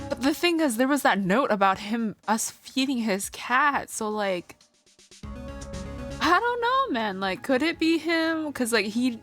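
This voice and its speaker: A woman's voice: medium pitch, fairly bright tone. A woman streaming a video game, thinking aloud in a chatty way full of "like"s. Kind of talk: casual game stream commentary.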